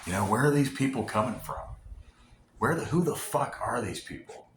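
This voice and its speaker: A man's voice: mid-range voice, very animated, moderate pace. A man vlogging in an angry, unscripted rant, heated and profane, rambling with many restarts and sometimes dropping to a near whisper. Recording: roomy echo, faint background noise.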